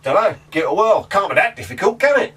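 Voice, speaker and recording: A man's voice: sits high, very animated, fast talker, a bit bright, husky, voice pushed up, full character voice. Man doing his breezy Aussie mate. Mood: casual, breezy. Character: easygoing handy male mate, can-do. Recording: distant from the mic.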